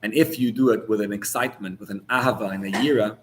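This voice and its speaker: A man's voice: on the low side, fairly even intonation, fast talker, slight background noise. A man, a rabbi, giving an informal Torah class in a searching, conversational way, full of restarts, that builds to heated emphasis on key words.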